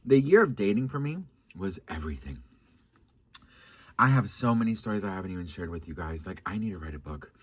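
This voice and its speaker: A man telling dating stories to his viewers in a casual, sassy, dramatic way, swearing and changing his pitch often. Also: animated, fairly quick, fairly bright tone, slightly rough, dry recording. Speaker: vlogger. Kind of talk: casual storytime chat.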